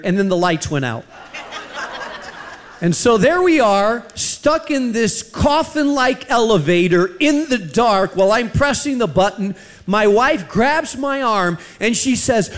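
A man preaching a sermon, telling a personal story and slowing down for emphasis. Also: high voice, lively intonation, fairly bright tone. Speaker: pastor.

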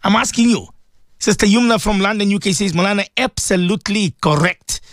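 A man's voice: high-pitched, a little fast, a bit bright, dry recording, studio quality. A man hosting a devotional radio talk, preaching fervently and repeating himself as he pleads with listeners. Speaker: religious radio host.

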